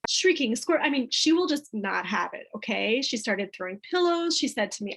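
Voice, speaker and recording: A woman's voice: on the high side, expressive, normal speed, a bit bright, low-quality recording. A woman leading a parenting workshop for a group, chatty and peppering her talk with "right?". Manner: chatty, keeps asking "right?".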